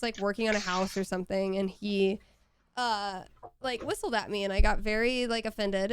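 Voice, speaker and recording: A woman chatting on a casual stream from home, telling animated stories with some casual swearing. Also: mid-range voice, slight background noise. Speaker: voice actor signing on stream.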